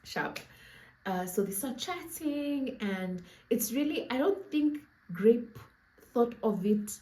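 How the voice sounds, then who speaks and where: Speaking slowly in a mellow, animated voice on the high side, a young Namibian-accented woman vlogs a casual storytime for her viewers. She laughs, plays around, and turns to address the audience directly, all recorded in a room with noticeable echo.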